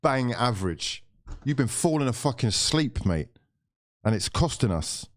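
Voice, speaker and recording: A man's voice: medium pitch, very animated, unhurried, no room sound, studio quality. A young man streaming a live football watchalong, ranting, swearing and bantering with his viewers. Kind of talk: live watchalong commentary and chat.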